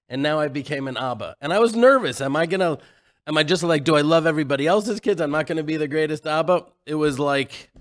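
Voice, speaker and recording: A man in his forties, co-hosting a radio talk show, telling a story in an emotional, animated way. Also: fairly high pitch. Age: 40s. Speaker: radio co-host. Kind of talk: casual radio chat.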